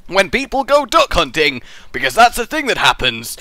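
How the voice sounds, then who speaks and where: A man hosting a building contest and giving live game commentary, full of goofy rambling tangents and excitable outbursts. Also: on the high side, fairly quick, no echo.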